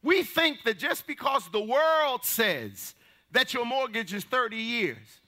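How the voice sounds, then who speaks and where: Pastor, male, high gravelly and bright, fiery sermon delivery with shouted peaks. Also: slow. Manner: animated, rising to shouts, folksy asides.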